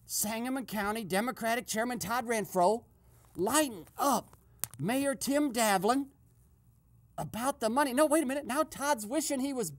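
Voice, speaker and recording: A male host doing a comic eavesdropping skit, giving a hushed, gleeful play-by-play that breaks into sudden excited outbursts. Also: very high-pitched, normal speed, long pauses.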